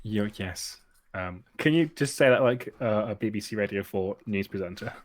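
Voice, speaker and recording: A man hosting a casual podcast chat, jokey and quick to interrupt. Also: fairly low pitch. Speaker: podcast host.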